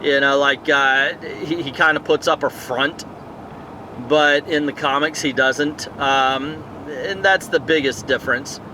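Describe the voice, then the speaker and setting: A man's voice: fairly high pitch, a little slow, background noise. A man giving a casual, rambling movie review outdoors at night, thinking aloud with many fillers and tangents. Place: outdoors in a town area at night.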